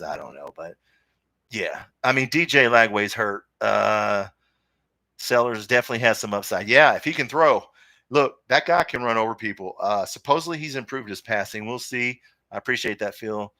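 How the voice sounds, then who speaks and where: Opinionated man with a bright, forceful voice. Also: on the low side, normal speed, no room sound, clean studio sound. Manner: opinionated, rambling, reads chat comments aloud. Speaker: podcast host. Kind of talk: casual live-stream sports talk.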